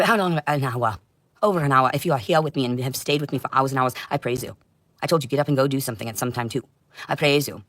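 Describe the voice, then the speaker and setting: A woman delivering an intense, rambling livestream monologue, swinging between loud outbursts and low muttering. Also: no echo. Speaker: livestream host.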